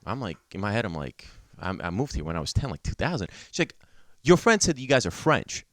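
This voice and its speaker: Animated man telling a story, bright voice. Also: lowish voice, brisk, no echo, clean studio sound. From Georgia (country). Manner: animated storyteller, acts out quotes, swears, laughs often. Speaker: podcast co-host. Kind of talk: casual storytelling chat.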